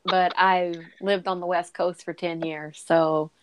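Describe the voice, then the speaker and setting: A woman from North Carolina with a faded Southern accent chats and tells stories in a drawling way, giggling a lot. Her voice is on the low side, level and unhurried, with a little hiss or hum on the recording.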